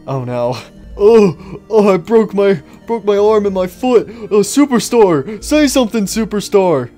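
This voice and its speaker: A man's voice: medium pitch, moderate pace, dark tone, soft background music, lightly acted. A man voicing a bumbling male bear animatronic in a goofy, flustered way.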